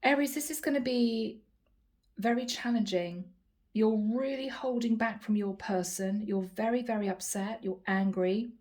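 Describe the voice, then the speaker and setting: A woman's voice: fairly high pitch, moderate pace, darkish tone. A woman reading tarot cards to camera, earnest and speaking straight to her viewers. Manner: earnest, addresses viewers as guys. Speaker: tarot card reader.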